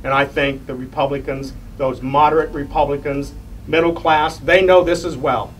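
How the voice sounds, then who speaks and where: A man's voice: a little high, steady tone, normal speed. Earnest middle-aged man giving a stump speech. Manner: earnest, emotional storytelling, chuckles at himself. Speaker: congressional candidate. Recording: distant mic, faint room noise.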